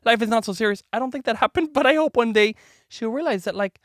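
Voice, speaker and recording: Animated storytelling man, dry close sound. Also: extremely high pitch, fast, no room sound. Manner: animated, acts out voices in his stories; chatty, frequent "like" and "right?". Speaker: podcast host. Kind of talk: casual storytelling to his daughter.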